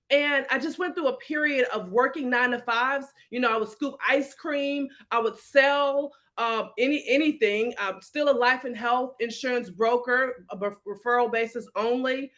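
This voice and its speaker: High-voiced woman storyteller. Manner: animated, emotional storytelling with acted-out quotes. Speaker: real estate investment coach, guest. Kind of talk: storytelling in a podcast interview.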